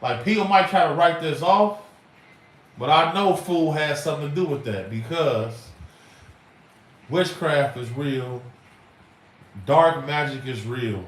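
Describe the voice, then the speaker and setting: A man's voice: on the high side, slow pace, pauses often. A middle-aged man, hosting a livestream in an emphatic, rambling, slangy way. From Chicago. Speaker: livestream host. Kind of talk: casual livestream talk. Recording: roomy echo, far from mic, faint noise.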